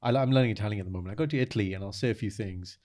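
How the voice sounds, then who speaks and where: A man's voice: lowish voice, rapid-fire, a little mellow. A British man co-hosting a podcast, chatting casually and playfully, dropping into other languages and voices. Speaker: podcast co-host.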